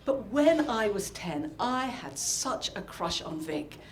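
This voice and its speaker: A woman from the north of England, performing a personal story live with animated, dramatic delivery. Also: mid-range voice, takes it slowly, roomy sound, a little hiss or hum. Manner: animated, dramatic, acts out scenes. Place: storytelling event venue.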